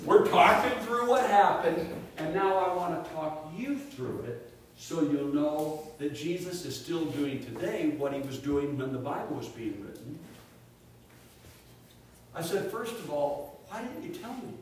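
A man's voice: fairly high pitch, a little slow. Man preaching in an echoey room. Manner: animated storyteller, drops to hushed tones for quoted family. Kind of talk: sermon, personal story. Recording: echoey room, speaker far from mic, faint hiss.

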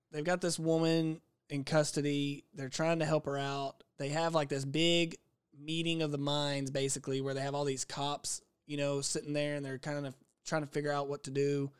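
A man co-hosting a casual movie-review podcast, retelling scenes with quick quoted lines from the characters. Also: a little high, little pitch movement, clean tone. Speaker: podcast co-host.

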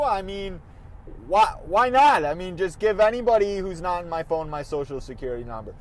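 A man's voice: high-pitched, expressive, moderate pace, rough recording. A young man telling a story in casual, rambling chat while he drives through city traffic, swearing now and then at other drivers. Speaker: vlogger. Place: inside a car in city traffic. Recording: faint car and street noise.

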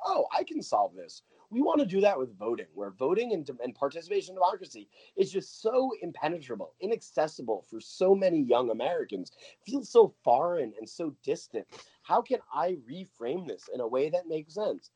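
A man's voice: on the high side, dark tone, breathy edge, no echo, low-quality recording. A man speaking as a guest from a voter nonprofit, earnest and thinking aloud with lots of fillers and restarts. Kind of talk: casual conversational interview.

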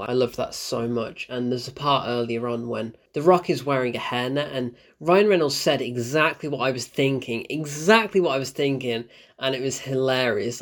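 Young guy reviewing a movie, laughs a lot, gets worked up and incredulous, chatty. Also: mid-range voice. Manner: animated, laughs often, exasperated asides. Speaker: film reviewer and show host. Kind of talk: casual film review monologue.

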